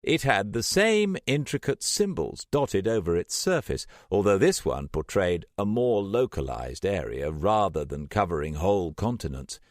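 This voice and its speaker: Deep guy reading an audiobook, lively delivery, dry close mic. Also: moderate pace, hardly any pauses, dry recording. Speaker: audiobook narrator. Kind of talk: scripted audiobook narration.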